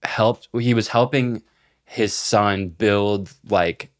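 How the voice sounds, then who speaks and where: A young man co-hosting a podcast, telling animated stories in casual chat and swearing freely. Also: on the low side, slow. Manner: animated storyteller who swears freely and acts out quotes. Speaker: podcast co-host.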